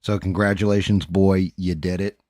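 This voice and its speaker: A man's voice: deep voice, little pitch movement, normal speed, warm tone, no room sound, clean studio sound. A middle-aged man hosting a livestream, chatting casually and candidly with his viewers in a rambling way, swearing freely. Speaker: livestream host. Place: home.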